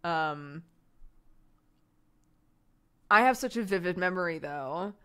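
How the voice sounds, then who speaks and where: A woman streamer telling family stories in casual chat, animated and laughing often. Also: on the low side, slow, clear, resonant tone.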